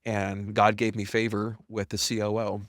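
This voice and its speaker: At a moderate pace, a middle-aged man who founded a company shares his story openly on a podcast, with bluntness and self-mocking humor. When he quotes people, he acts it out animatedly with big swings in pitch. It's studio-quality sound without any room sound.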